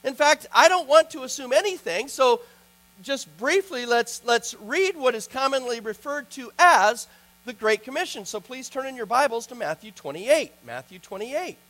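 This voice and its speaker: A man's voice: very high voice, animated, normal speed, fairly bright tone, low-quality recording. A man preaching a sermon as pastor, earnest and building to emphatic points.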